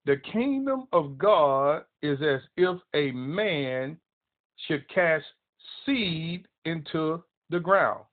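Man, preacher, slightly high voice, emphatic, repeats lines, phone-line sound. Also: animated, very slow. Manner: emphatic, repeats phrases and quotes scripture. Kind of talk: sermon broadcast. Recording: tinny phone-line audio.

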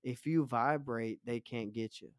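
A man in his twenties, a podcast guest, telling a wild story in a casual, profane and animated way. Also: medium pitch, unhurried, smooth, no room sound, clean studio sound. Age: 20s.

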